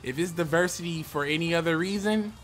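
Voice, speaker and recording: A man's voice: a little high, brisk, a bit bright, soft background music. A man streaming a card game, talking loosely and profanely while laughing often. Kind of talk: casual live-stream chat.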